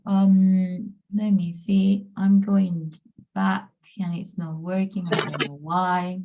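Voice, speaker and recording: A woman's voice: mid-range voice, mellow, dull audio. A woman from Peru, presenting a pronunciation workshop over a video call in an upbeat, encouraging way. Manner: upbeat, encouraging, often says amazing and brilliant. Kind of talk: online presentation.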